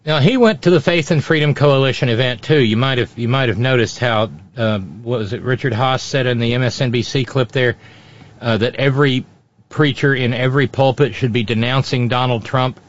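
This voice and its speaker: A man's voice: mid-range voice, normal speed. A man hosting a sarcastic political commentary show, with mocking asides. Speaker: host. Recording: dry, dull lo-fi sound.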